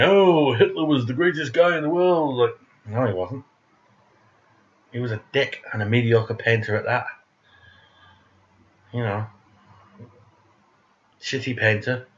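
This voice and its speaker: A man's voice: on the low side, pushed and bright, dull audio. A man ranting in a casual monologue, blunt, profane and sarcastic, who speaks of himself as "we". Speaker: vlogger.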